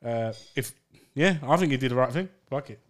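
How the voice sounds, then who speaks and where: A man's voice: medium pitch, expressive, a little fast. A man co-hosting a podcast, laid-back and playful, bantering in slang. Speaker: podcast co-host. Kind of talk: casual chat.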